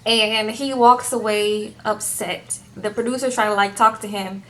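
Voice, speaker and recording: A woman with a medium-pitched voice recaps reality TV in a chatty, sassy, unhurried way, often tacking "okay?" onto her lines and acting out quotes in lively voices. There's a little hiss or hum in the recording.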